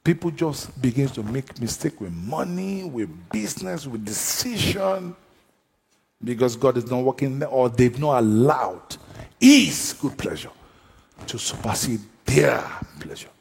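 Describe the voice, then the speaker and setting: A man preaching a sermon at a church service. His delivery swings between shouted calls and low, drawn-out phrases. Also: very animated, creaky, slight background noise. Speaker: pastor. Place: church service with a seated congregation. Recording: long echo of a large hall.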